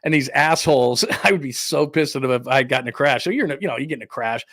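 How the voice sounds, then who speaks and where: A man's voice: medium pitch, fast talker, a bit bright, dry recording. Man, sports show host, middle-aged, casual rambling talk, laughs a lot, dry close sound. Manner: rambling storytelling with frequent laughs. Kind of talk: casual chat.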